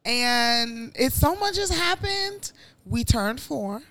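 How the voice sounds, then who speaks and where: A woman's voice: on the high side, slow pace. A woman co-hosting a podcast, chatting casually and easily about her week. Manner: relaxed, chatty, rhyming playfully. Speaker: podcast co-host. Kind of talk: casual chat.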